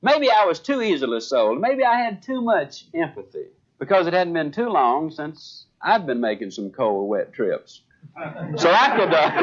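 An older man, a sales trainer giving a motivational speech, telling a story and voicing the people in it. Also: high-pitched. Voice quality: animated storyteller voicing dialogue. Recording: dull lo-fi speech recording.

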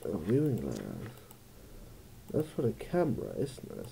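Very dark-voiced man thinking aloud. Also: fairly low pitch, huge pitch swings, a little slow, gravelly, slight background noise. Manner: musing, thinking aloud, jokey asides. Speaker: let's play gamer. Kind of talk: casual gameplay commentary.

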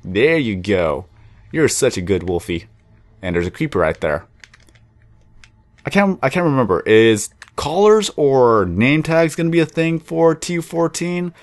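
A man's voice: on the high side, a little slow. A young man casually commenting while he plays a block-building game, rambling and chatty, sometimes cooing at his pet dog. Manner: rambling, chatty, self-described monotone when calm. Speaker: gaming YouTuber.

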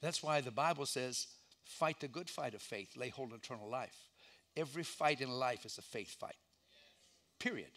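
A man preaching a sermon as pastor in a church, telling a story dramatically and acting out the voices, swinging from shouts down to hushed lines. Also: mid-range voice, moderate pace.

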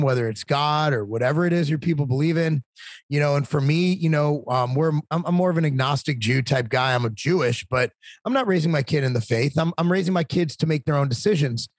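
A talkative man in his forties, a podcast guest, telling animated, casual stories about parenting and sometimes swearing. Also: a little high, no echo. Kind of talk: casual storytelling.

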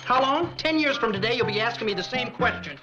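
A man's voice: expressive, fast. A man playing a peevish radio announcer who reads ads in a 1960s sitcom. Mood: peeved. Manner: peevish, ad-reading pitchman. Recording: lo-fi 1960s TV audio, loud hiss.

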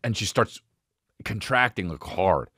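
Profane, animated man telling a comic story. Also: on the low side, measured pace, slightly rough, dry recording, studio quality. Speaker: podcast host.

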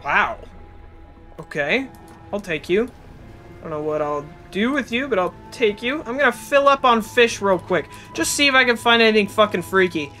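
A man streaming a game, chatting casually with his chat, excitable and profane, with a cold. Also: high voice, moderate pace, soft background music. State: has a cold. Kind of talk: casual gameplay commentary.

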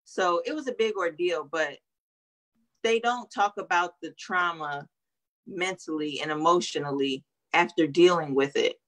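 A young woman with a low voice speaks over a video call. She is earnest and hesitant, with frequent ums, as she recounts her experience as an interview guest. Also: unhurried. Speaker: guest, nurse sharing her story. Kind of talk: emotional interview testimony.

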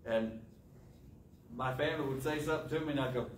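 Preaching man in an echoey church. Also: medium pitch. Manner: rhetorical questions with dramatic pauses. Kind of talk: sermon. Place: church sanctuary. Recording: echoey church, distant mic, faint hiss.

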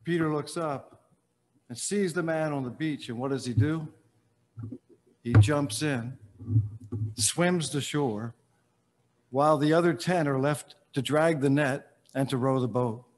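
A man preaching slowly in a large church, his voice carried by a long reverb. He sits a little high for a man and tells the story with long dramatic pauses, often letting phrases fall away to a hush. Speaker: pastor. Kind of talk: sermon.

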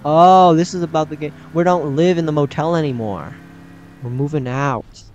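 A man's voice: fairly high pitch, moderate pace, a little mellow, a little hiss or hum. A man commenting chattily as he plays a horror game, reading its dialogue aloud. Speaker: gaming channel host. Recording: slightly dull game recording with faint music.

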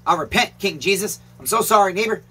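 A man's voice: high-pitched, fast talker, pushed and bright, husky. A man who runs a repair shop, talking in a rambling casual vlog, emphatic and swearing often. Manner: emphatic, swears often, calls viewers "neighbors". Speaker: chainsaw repair shop owner and channel host.

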